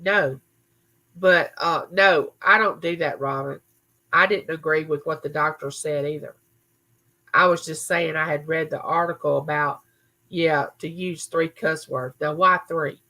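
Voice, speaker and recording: A woman hosting a relaxed livestream from a room in her home, reading viewer comments and talking back to people by name. Her voice is on the low side for a woman, with a bright, forward edge. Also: a little slow, poor audio. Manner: chatty, answers viewers by name. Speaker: livestream host. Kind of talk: casual live chat reading viewer comments.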